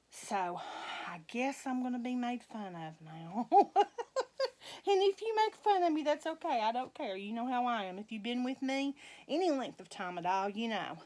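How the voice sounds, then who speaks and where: A middle-aged woman, chatting with viewers in a slow, folksy, rambling way and laughing often. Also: on the high side. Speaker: vlogger dressing reborn dolls. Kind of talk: rambling casual chat to viewers.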